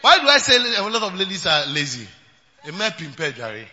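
Pastor preaching, high lively voice, muffled sound with big hall echo. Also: male voice, moderate pace. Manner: animated preaching, mixing English with Twi, shouting at times. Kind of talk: sermon. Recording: dull sound in a reverberant hall.

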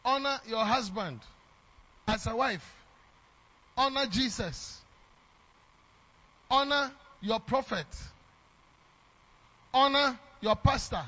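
A Ghanaian man preaches a sermon with a high-pitched voice, hammering his points home by repeating them. His Ghanaian English accent is strong. The recording sounds dull and lo-fi. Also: slow, pauses often, sharp tone. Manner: emphatic, repeats lines for effect, mixes in Twi phrases.

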